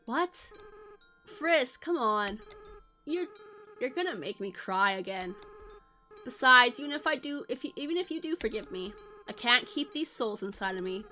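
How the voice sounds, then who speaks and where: A soft, halting young goat-monster boy, full of remorse and tenderness, as a woman reads his game lines aloud. The voice sits fairly high and sounds bright. Gentle game music runs faintly underneath. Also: animated. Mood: remorseful. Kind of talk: reading game dialogue aloud.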